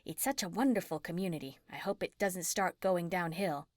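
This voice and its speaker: A woman voicing a calm older woman who is quietly worried. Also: on the low side, normal speed, no echo, studio quality, natural voice. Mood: concerned.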